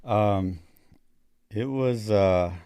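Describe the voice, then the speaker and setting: A man's voice: lowish voice, extremely slow, clear, resonant tone, dry recording. A man in his thirties, a paramedic and Marine veteran, telling stories in casual, profane chat. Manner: profane, laid-back storytelling that grows loud and laughing.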